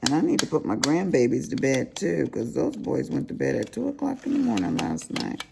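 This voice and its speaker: A woman's voice: low voice, wildly swooping pitch, a little fast, gravelly, noisy background. An older woman, chatting casually and teasingly to viewers while she crafts. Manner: chatty, folksy, teasing, addresses viewers as y'all and honey. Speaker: crafting vlogger.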